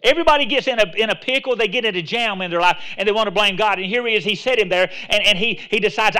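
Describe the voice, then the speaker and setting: A man preaching to his congregation in a high, bright voice. He talks it through like a conversation, doubling back on his words, then presses hard into emphatic exhortation. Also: fast, few pauses. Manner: repeats words and restarts phrases. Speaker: pastor. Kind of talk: sermon.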